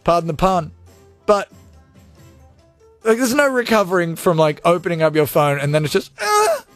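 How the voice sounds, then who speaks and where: A male radio host in casual chat, reading out listener comments in a jokey, animated way. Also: a little high, normal speed, faint music behind. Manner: jokey, animated, laughs often.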